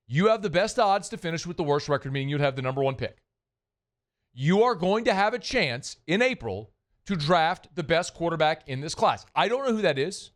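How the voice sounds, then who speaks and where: A man hosting a sports talk show, delivering a blunt, emphatic opinion monologue that hammers points with repetition. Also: high voice. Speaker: sports radio host.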